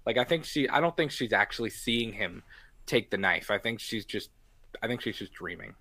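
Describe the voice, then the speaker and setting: Animated young man chatting about movies. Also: lowish voice, normal speed, no room sound. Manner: animated, acts out quotes from scenes. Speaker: podcast co-host. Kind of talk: casual movie discussion.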